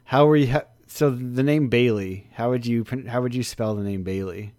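A man's voice: medium pitch, a little mellow, dry recording, studio quality. A man chatting casually on a podcast, rambling with restarts and frequent laughter. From United States. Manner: rambling, halting, often laughing. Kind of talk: casual chat.

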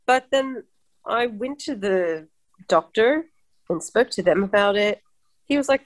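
Expressive woman midwife telling stories. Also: a little high, a little slow. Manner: expressive, animated storytelling. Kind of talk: casual chat.

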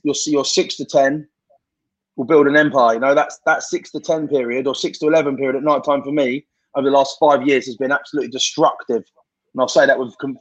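A man's voice: medium pitch, dull audio. A man in casual podcast chat, blunt and sweary, giving fired-up motivational advice. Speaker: podcast guest.

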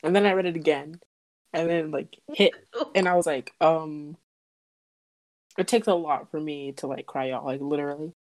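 Low-voiced young woman, rambling chat. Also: moderate pace, a little mellow. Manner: rambling, lots of fillers, emphatic quotes. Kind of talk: casual fan chat.

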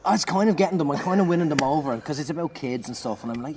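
A man, a comedian, telling an animated anecdote in conversation, swearing and shouting out the lines he acts. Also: on the high side, rapid-fire. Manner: animated, swearing, loud acted-out bursts. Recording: noisy background.

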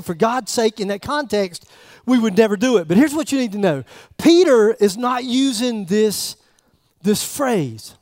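High-voiced man preaching a conversational sermon. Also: no echo, clean studio sound. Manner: conversational, teasing the congregation with rhetorical questions. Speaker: pastor. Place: church.

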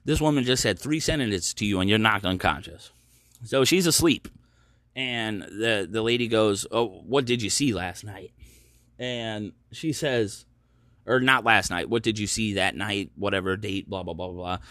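A man's voice: fairly low pitch, normal speed, sharp tone, dry recording, studio quality. A man hosting his own podcast, telling a story in a sarcastic, profane, ranting way. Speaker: podcast host. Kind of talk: casual ranting commentary.

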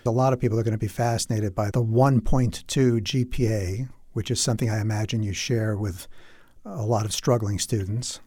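Man hosting, mellow dry voice. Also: fairly low pitch, fairly even intonation, moderate pace, no echo. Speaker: podcast host. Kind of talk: podcast interview.

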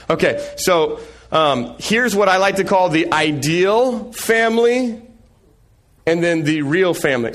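A high-voiced man preaching a sermon with animated storytelling, acting out everyday family scenes. He often drops his voice low and quiet to drive a point home. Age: young adult to middle-aged, father of several sons.

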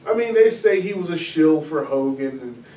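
High-voiced emphatic man, echoey. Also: animated, moderate pace, dark tone. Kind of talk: casual chat. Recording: echoey room, far from mic, faint noise.

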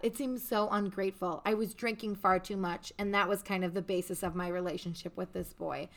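A woman's voice: medium pitch, fairly quick, hardly any pauses, fairly bright tone. A young woman hosting a casual podcast chat, telling a story in a chatty, swearing, offhand way. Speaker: podcast host.

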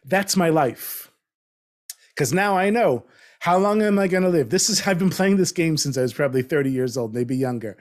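A man's voice: fairly high pitch, animated, normal speed. Reflective man in his fifties. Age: 50s. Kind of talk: casual conversation.

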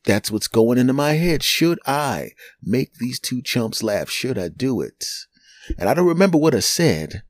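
A middle-aged man, a podcast host and comedian, telling a story in an animated, chatty way with chuckling asides. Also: mid-range voice, unhurried, no room sound. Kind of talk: storytelling monologue.

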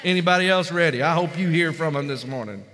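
Fervent high-voiced preacher. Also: male voice, quick pace. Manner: fervent preaching, swings loud and soft, calls out to the congregation. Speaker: pastor. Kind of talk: sermon. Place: church hall. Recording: echoey church hall.

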